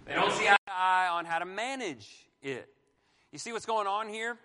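A man in his forties teaching a Bible class on marriage, animated, asking the room questions and joking. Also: sits high, normal speed, in a large hall. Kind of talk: sermon-style Bible teaching.

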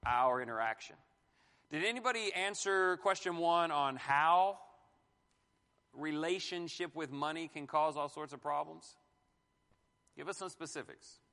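A man with a high, bright voice preaches to a class in an animated way, firing questions at the room and slipping in jokes. His voice rings through a hall with a long echo. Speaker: pastor teaching a marriage class. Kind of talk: sermon-style Bible teaching.

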